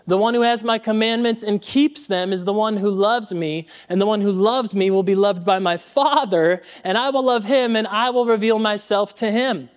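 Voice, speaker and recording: A man preaching a sermon as pastor in a church. He talks in an animated way, laughs often and calls out to the congregation. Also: sits high, normal speed, few pauses.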